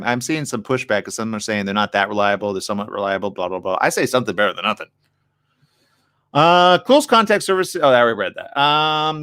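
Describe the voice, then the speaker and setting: A man's voice: fairly low pitch, fairly bright tone. A man hosting a live morning show, reading news items aloud and adding chatty, wry asides. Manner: chatty, wry asides between read passages.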